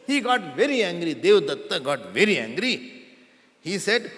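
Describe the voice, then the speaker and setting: A male spiritual teacher telling a story to an audience, often quizzing them and repeating names, sometimes chanting verses slowly. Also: sits high, very animated, a bit bright. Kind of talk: storytelling discourse. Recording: long hall reverb.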